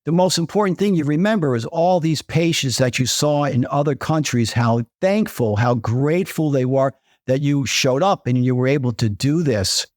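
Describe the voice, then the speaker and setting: A man's voice: medium pitch, normal speed, hardly any pauses, darkish tone, no room sound, studio quality. An older man, a retired dentist and podcast guest, who tells stories with energy, repeats his key points and acts out what people said. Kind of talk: conversational interview storytelling.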